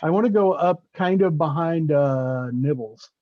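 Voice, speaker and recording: A man with a slightly raised voice plays in a tabletop game over an online call. He speaks very slowly and hesitantly, and his call audio comes through dull and lo-fi. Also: fairly high pitch, no room sound. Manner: slow, hesitant, fumbling with the game controls. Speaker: player. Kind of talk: casual tabletop play.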